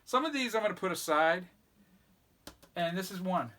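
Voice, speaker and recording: A man's voice: high-pitched, lively intonation, moderate pace, sharp tone. A man casually showing records from his collection, rambling and enthusiastic as he lists off bands. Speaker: record collector vlog host. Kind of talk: casual record show-and-tell.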